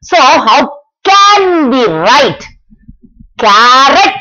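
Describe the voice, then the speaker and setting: A woman's voice: high voice, very animated, bright, forceful tone. A woman teaching a math lesson, asking questions and answering them herself, repeating each step. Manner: slow, repetitive, asks and answers her own questions. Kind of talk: classroom lesson explanation. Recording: dull lo-fi recording.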